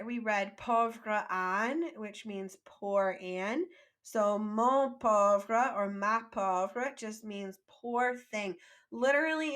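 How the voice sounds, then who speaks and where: A woman with a fairly high voice leads a French vocabulary lesson. She says each phrase slowly and clearly for her students to repeat, then explains it in quicker English and praises their answers. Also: a bit bright. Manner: encouraging, prompts repetition. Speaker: French teacher.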